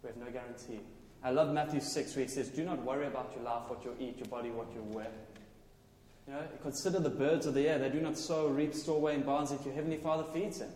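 A man preaching a sermon with loud, passionate, exclaiming delivery. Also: medium pitch, fairly even intonation, fast talker, a little hiss or hum. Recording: echoey hall, faint ambience.

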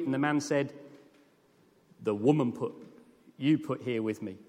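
A man preaching a sermon with earnest, lively emphasis that rises to emphatic peaks. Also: mid-range voice, unhurried. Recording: long hall reverb.

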